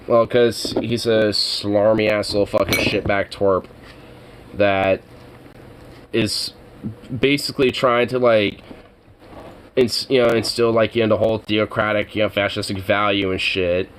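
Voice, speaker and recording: A man's voice: lowish voice, steady tone, measured pace, slight background noise, rough recording. A man chatting casually on a livestream, rambling and swearing freely between laughs. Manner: rambling, profane, laughing asides.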